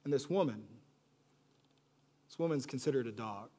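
A man preaching a sermon, moving between hushed, soft lines and loud, animated bursts, and acting out pleading voices. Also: mid-range voice, normal speed. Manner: acts out quoted voices with pleading repetition. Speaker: pastor.

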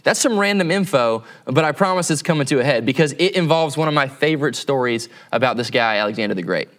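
A man's voice: mid-range voice, lively intonation, quick pace, a bit bright. A man preaching as a campus pastor in a conversational sermon, often checking in with tag questions.

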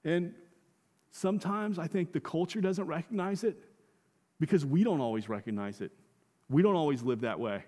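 A man's voice: fairly high pitch, moderate pace, long pauses, dark tone, big-room sound. A man preaching a sermon as a pastor, talking conversationally, asking rhetorical questions and repeating phrases for emphasis.

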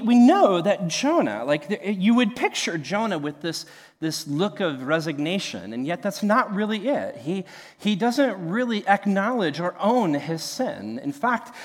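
A man's voice: high-pitched, expressive, moderate pace, big-room sound. A young man from Nebraska, a pastor, telling a story in a sermon, chatty, with many fillers and restarts. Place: church.

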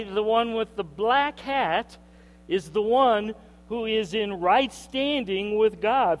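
A man preaching a sermon in an animated way, acting out the voices of the people he quotes. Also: sits high. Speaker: pastor. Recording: long hall reverb, mains hum.

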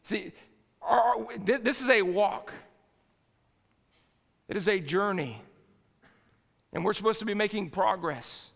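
A man's voice: high voice, unhurried, gravelly, long pauses, a bit bright. A man preaching a sermon as pastor in a church sanctuary, folksy and jokey, often restarting his sentences. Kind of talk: conversational sermon. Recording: long hall reverb.

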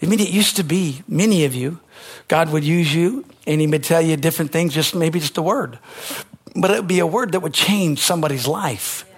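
A pastor preaching a sermon, emphatic, rising to near-shouted peaks on key lines. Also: male voice, a little high, moderate pace, breathy edge.

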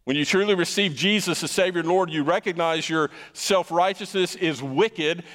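Male preacher giving a sermon, kinda high voice, emphatic, echoing sanctuary. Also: normal speed, fairly bright tone. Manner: emphatic, repeats words when stressing a point. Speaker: pastor.

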